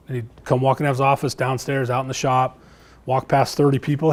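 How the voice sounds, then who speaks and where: A man's voice: medium pitch, steady tone, fairly quick, darkish tone. A middle-aged man giving a live real estate sales training to a class, telling candid stories and repeating himself as he talks. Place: classroom before a live audience.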